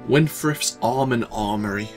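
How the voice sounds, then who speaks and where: A man commentating his own playthrough in an easygoing, self-deprecating way, musing aloud as he goes. His voice sits at an ordinary middle pitch for a man. Quiet game music plays faintly in the background. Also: measured pace. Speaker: let's play host. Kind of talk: casual gameplay commentary.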